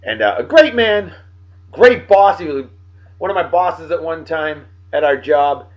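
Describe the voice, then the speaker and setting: A man hosting a casual show, giving boisterous, jokey shout-outs full of slang. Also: a little high, animated, unhurried. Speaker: host. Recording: dull lo-fi sound with faint music.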